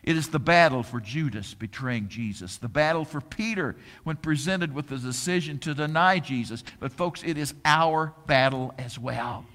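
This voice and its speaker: A man preaching a sermon, reading scripture aloud with dramatic, drawn-out emphasis and rhetorical questions, in a large hall. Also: on the high side, a bit bright. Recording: long hall reverb.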